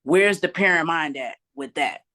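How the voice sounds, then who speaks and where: A woman's voice: low-pitched, moderate pace, sharp tone. A woman on a podcast panel, talking heatedly and firing off rhetorical questions in casual chat.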